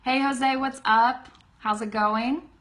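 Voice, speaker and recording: A woman's voice: high voice, fairly even intonation, slow, fairly bright tone. A woman from California with a Californian accent, teaching an English lesson over a live stream from her phone. She talks informally with many fillers and self-corrections, and her voice rises and falls as she stresses certain words. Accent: Californian American English.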